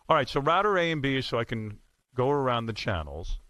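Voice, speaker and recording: Male radio host, quick, lively pitch, dry close mic, animated storytelling. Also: no room sound. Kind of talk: casual studio chat.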